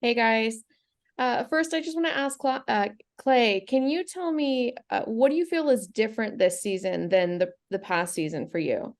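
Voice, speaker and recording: A woman reporter puts a question to a fighter on a press call. She speaks with a somewhat high voice and a few hesitations. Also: normal speed.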